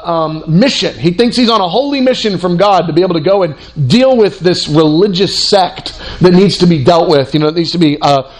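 High-voiced animated male preacher. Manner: animated, conversational, with fillers and restarts. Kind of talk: sermon.

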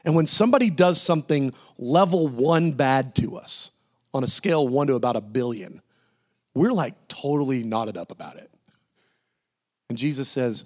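A man's voice: medium pitch, normal speed. A man preaching a sermon in a church, acting out Bible figures in casual, playful voices. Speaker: pastor.

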